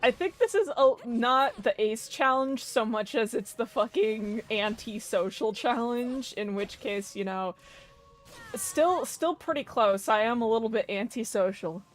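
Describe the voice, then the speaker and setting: A woman's voice: fairly high pitch, a little slow. A young woman giving casual, rambling commentary while streaming a game, swearing and laughing often.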